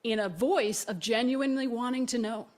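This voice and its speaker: A woman telling a story in conversation, animated, acting out the voices of the people she quotes and laughing often. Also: a little high, moderate pace. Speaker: speaker.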